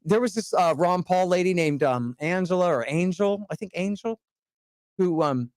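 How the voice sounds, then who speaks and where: A man in casual podcast chat as a guest author, talking in an animated, emphatic way with casual swearing. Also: sits high, normal speed, dry recording, clean studio sound.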